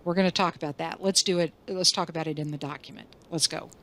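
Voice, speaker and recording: A woman instructor talking through a software tutorial in a chatty way, asking rhetorical questions and making self-deprecating asides. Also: low voice, fairly even intonation, fast talker, slight background noise. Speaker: college instructor. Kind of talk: screen-recorded software tutorial.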